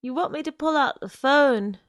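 A woman's voice: high-pitched, normal speed, dry recording, clean studio sound, voice pushed up, natural voice. A woman voicing a sullen, dull young sidekick. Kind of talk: dramatic story reading.

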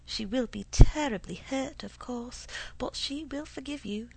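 A woman voicing a sly old male potion seller who speaks slowly and suavely, with a husky, gravelly voice. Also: sits high, heavily acted. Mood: knowing. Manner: slow, suave, insinuating.

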